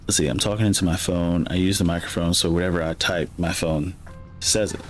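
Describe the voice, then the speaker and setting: A man's voice: low voice, fairly even intonation, a little fast, a little hiss or hum. A man from Michigan with a Midwestern American accent, chatting casually as he streams a farming game and rambling to himself with lots of fillers. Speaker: gaming streamer. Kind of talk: casual gameplay commentary.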